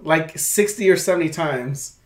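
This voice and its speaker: A man's voice: a little high, a bit bright. Young man rambling through a story. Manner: rambling, halting storytelling with many restarts and swearing. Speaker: guest telling a story. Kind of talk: casual chat.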